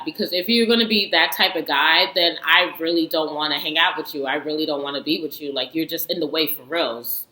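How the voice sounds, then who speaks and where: A woman chatting to camera with a bright, forceful voice. She speaks in loose, slangy, outspoken bursts and laughs often. The sound is roomy and echoing. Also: deep voice, brisk. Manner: slangy, animated storytelling with frequent laughs; candid and outspoken, often swears. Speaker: reality TV reviewer. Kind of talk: casual chat.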